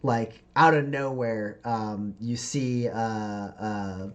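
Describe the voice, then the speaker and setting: A man's voice: fairly low pitch, fairly even intonation, takes it slowly, highs cut off. A man narrating a tabletop game as game master, rambling with many fillers. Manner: rambling, full of fillers and likes.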